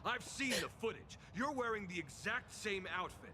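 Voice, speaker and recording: An actor playing a stern, suspicious male guard in a game, with a gravelly, blunt and accusing voice. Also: high voice, animated, moderate pace, background noise. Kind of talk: game voice acting. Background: game music.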